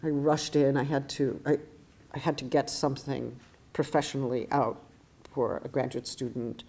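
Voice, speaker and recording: A woman's voice: a bass voice, flat delivery, normal speed, creaky, mellow, husky. A woman giving an academic lecture, telling a personal story in a thoughtful, wry, self-deprecating way, with frequent restarts.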